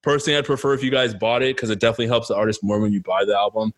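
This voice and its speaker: A man's voice: fairly low pitch, very fast. Young man, easygoing podcast chatter. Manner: relaxed, filler-heavy, says "like" a lot. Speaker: podcast co-host. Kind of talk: casual chat.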